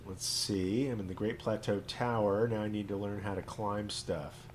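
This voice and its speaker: A man's voice: on the low side, steady tone, moderate pace, a little hiss or hum. A man, a rabbi hosting a game stream, who chats with playful, joking asides while he plays. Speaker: rabbi and host. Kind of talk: let's play commentary.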